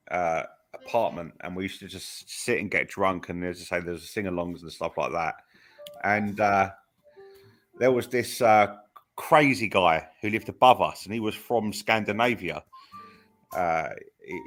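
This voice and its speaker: A man's voice: lowish voice, a bit bright. A man on a podcast telling a long rambling story in casual chat, full of restarts and fillers. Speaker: podcast co-host.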